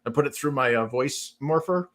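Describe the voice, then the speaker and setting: A man's voice: medium pitch, moderate pace, a bit bright. A man, a comic book author, chatting casually as a guest and laughing often. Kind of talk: casual chat.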